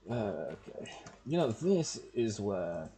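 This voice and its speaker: A man streams himself playing a game, muttering his thoughts casually as he goes. His voice is lowish and dark in tone, and though he talks slowly, he is very animated.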